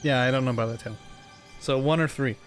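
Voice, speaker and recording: A young man streams a video game casually, joking and sarcastic, sometimes slipping into silly voices. His mid-range voice moves fast with fairly even intonation over soft background music. It's relaxed live-stream commentary.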